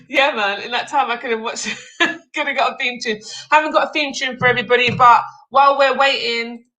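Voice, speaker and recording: A woman's voice: high-pitched, normal speed, bright, forceful tone, low-quality recording. A woman hosting an online quiz show on a video call, playful and bantering, laughing often. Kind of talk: livestream game show hosting.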